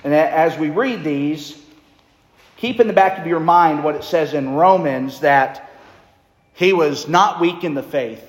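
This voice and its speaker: A man's voice: a little high, measured pace. A man preaching a sermon in a conversational way, reading scripture aloud. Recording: echoey hall reverb.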